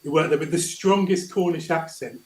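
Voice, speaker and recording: A man's voice: a little high, brisk, darkish tone. Rambling man from South East England, roomy. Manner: rambling, hesitant, with repeated words. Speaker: guest on a livestream. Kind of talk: casual chat. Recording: roomy echo.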